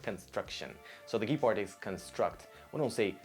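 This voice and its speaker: A man giving a casual video language lesson, upbeat and speaking straight to viewers, repeating each word slowly so they can copy it. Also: fairly low pitch, animated, darkish tone, faint music behind. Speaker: Russian language teacher.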